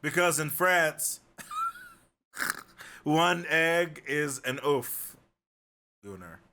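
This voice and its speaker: A man's voice: a little high, extremely slow, creaky, noisy background. A young man streaming, chatting casually and swearing freely as he jokes with his viewers. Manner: joking, animated, swears freely. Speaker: livestreamer.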